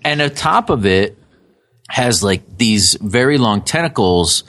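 A man's voice: lowish voice, unhurried. A man co-hosting a podcast, casually explaining creature lore with jokey asides. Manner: animated storytelling, jokey asides. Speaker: podcast co-host.

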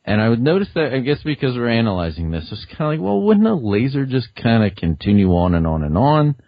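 A man's voice: medium pitch, wildly swooping pitch, no room sound. Man, podcast guest, eager rambling talk, dull lo-fi audio, dry close sound. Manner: enthusiastic, rambling, quick to laugh. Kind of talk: casual podcast chat.

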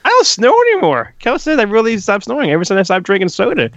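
Male podcast co-host, lively, pitched up, casual, dull dry recording. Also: fast talker, dry recording. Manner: animated storyteller, swears freely. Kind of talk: casual chat.

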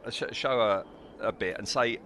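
A man's voice: fairly low pitch, normal speed, a little hiss or hum. A man co-hosting a podcast, chatting casually with lots of ums and restarts. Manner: hesitant, animated, with many ums. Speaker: podcast co-host. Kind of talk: casual chat.

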